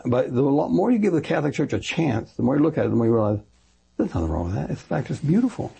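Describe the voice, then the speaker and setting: An older retired pastor talks fast and at length in an interview. His voice is gravelly, husky and dark. He rambles, corrects himself and acts out the people he quotes. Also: medium pitch, sing-song. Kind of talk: interview storytelling.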